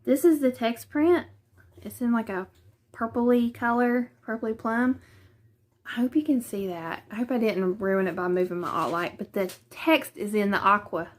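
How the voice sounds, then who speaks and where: A woman's voice: fairly high pitch, moderate pace. A woman with a Southern US accent chatting casually through a quilting unboxing in her living room, hesitant and thinking aloud as she goes. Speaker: vlogger.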